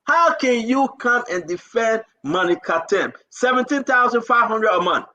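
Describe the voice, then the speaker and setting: A man's voice: extremely high pitch, animated, moderate pace, sharp tone, poor audio. A man with a Liberian English accent, hosting a live talk show and pleading his case with passion and repetition.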